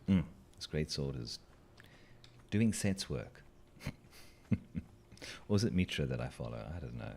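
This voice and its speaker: A man's voice: extremely low pitch, lively intonation, unhurried, gravelly, long pauses, a little mellow, a little hiss or hum. A man chatting playfully through a game as a let's-play host, joking with the creatures on screen. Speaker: gaming channel host.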